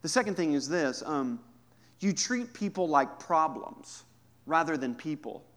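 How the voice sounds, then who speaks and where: Male pastor, mid-high voice, chatty humorous sermon delivery, quiet asides and punchy emphasis. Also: animated, measured pace. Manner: conversational and humorous, swinging from hushed to emphatic.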